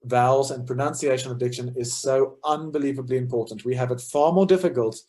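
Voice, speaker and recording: A man's voice: medium pitch, brisk, darkish tone. A man, a choral conductor, giving a lecture and posing one rhetorical question after another. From South Africa. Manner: earnest, asks many rhetorical questions. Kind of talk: lecture talk.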